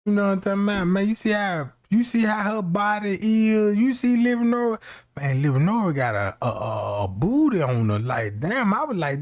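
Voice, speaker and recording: A man's voice: high voice, sing-song, moderate pace. A man hosting a stream, ranting casually and cracking profane jokes, rambling and slipping into quoted voices. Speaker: streamer host. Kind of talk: casual comedic rant.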